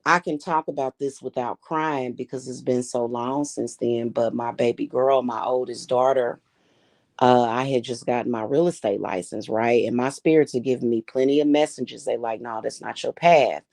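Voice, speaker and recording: Woman, spiritual-reader host on a livestream; gravelly, mid-pitched voice, dry close sound, blunt and profane delivery. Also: steady tone, moderate pace, darkish tone, no echo. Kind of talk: casual livestream storytelling.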